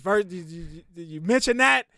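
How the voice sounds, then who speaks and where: A young man hosting a podcast, telling a long story in a loud, profane, animated way that drops to muttering. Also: sits high, normal speed. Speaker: podcast host.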